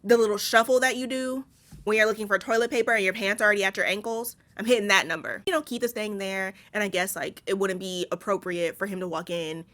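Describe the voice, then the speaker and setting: Bright-voiced woman doing a blunt, sarcastic movie recap. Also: mid-range voice, fairly even intonation, fast. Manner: blunt, sarcastic, swearing freely. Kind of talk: casual profane movie recap.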